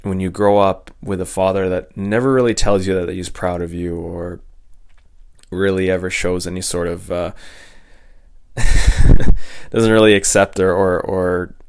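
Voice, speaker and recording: A young man hosting his own channel, telling a personal story unscripted, earnest and emotional, stumbling and repeating words with long pauses. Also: sits low, level tone, a little mellow, clear, resonant tone. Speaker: channel host.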